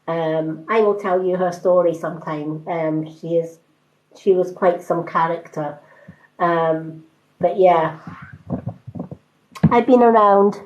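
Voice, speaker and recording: A woman in her fifties with a mixed British accent, giving a card reading on a live stream in an unhurried, hesitant, reassuring way with many ums. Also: lowish voice, a little mellow, lo-fi sound. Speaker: tarot card reader.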